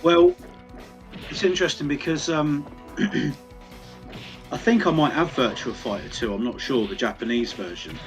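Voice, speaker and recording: A man's voice: medium pitch, normal speed, long pauses, faint music behind. Chatty man explaining with many fillers. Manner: knowledgeable, hesitant with fillers, laughs often. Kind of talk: casual chat.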